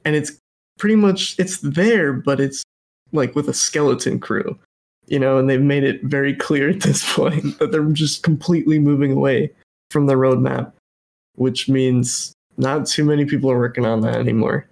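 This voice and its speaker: Gravelly man rambling on a podcast. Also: medium pitch, steady tone, normal speed, darkish tone. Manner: rambling, hedging with fillers, laughs between phrases. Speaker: podcast co-host. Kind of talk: casual gaming podcast chat.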